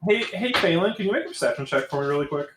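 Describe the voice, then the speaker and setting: A man's voice: sits high, animated, rapid-fire, roomy sound, noisy background. A man narrating as dungeon master for a tabletop game, loose and rambling, with many fillers.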